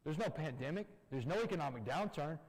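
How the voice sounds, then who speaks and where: A husky man gives a motivational talk and moves quickly from one story beat to the next. His pitch jumps around as he acts out the dialogue, and his voice sits fairly high. The sound carries a long church-hall echo. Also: expressive. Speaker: guest speaker.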